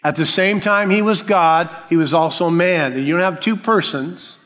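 A male pastor preaching a sermon, slow and emphatic, repeating key phrases. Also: high voice, fairly bright tone, in a large hall.

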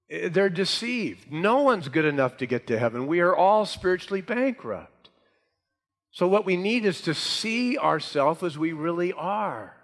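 Male pastor, slightly high voice, emphatic preaching, reverberant hall. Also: animated, normal speed, fairly bright tone. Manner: emphatic preaching, rising for scripture. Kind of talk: sermon.

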